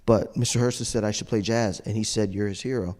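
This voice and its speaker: A middle-aged man telling an animated story to an audience, acting out the voices he quotes and laughing often. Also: fairly low pitch, fairly quick. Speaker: trumpet player on a judges panel. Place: large hall. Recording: long reverb of a large hall.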